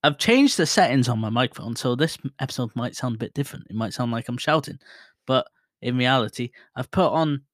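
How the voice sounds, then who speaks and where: A man in his thirties hosting a casual solo podcast, rambling and self-deprecating, with sudden loud bursts, talking into a mic set about a foot away at home. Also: mid-range voice, expressive, brisk, no echo, clean studio sound. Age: 30s. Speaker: podcast host. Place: home room, alone. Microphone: desk mic set to far mode, about a foot away.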